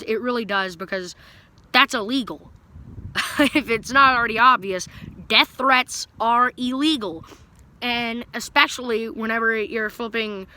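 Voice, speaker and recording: A man's voice: extremely high pitch, bright, forceful tone. A young man telling a story to his viewers in a rambling, casual way, full of fillers and restarts. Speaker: vlogger.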